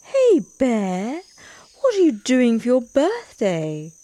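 A woman's voice: a little high, huge pitch swings, slow, dark tone, no room sound, voice pushed up, full character voice. A woman doing a teasing storybook tigress. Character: pushy, teasing tigress neighbour. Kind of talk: storybook reading.

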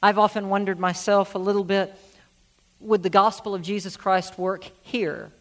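A man's voice: sits high, level tone, moderate pace, a bit bright. A middle-aged male pastor preaching a sermon, telling stories earnestly and repeating phrases for emphasis. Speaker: senior pastor.

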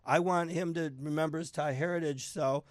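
A man's voice: on the high side, steady tone, a little fast, no room sound, studio quality. A man telling stories on a talk show, easygoing and laughing often. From Irish heritage, US. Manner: chuckling, easygoing storyteller. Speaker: comedian guest. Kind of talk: casual storytelling.

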